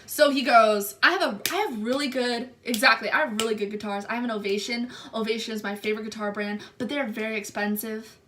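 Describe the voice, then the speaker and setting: Bright-voiced young woman telling a story. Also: a little high, fast, few pauses, slight background noise. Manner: animated retelling, acts out quotes. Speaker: vlogger. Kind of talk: storytime vlog.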